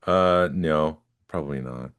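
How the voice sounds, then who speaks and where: A man's voice: very deep voice, unhurried, a bit bright, clear, resonant tone. A man hosting a collecting podcast, chatting casually and hedging with "like" and "uh.". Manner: rambling, hedging with "like" and "uh". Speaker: podcast host. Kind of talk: casual chat. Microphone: studio microphone that pops.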